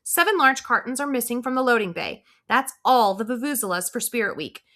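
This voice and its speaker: A woman doing a shrill, stressed school principal. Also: animated, a little fast, a bit bright. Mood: stern. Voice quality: shrill, strained. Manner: stern announcement over the PA.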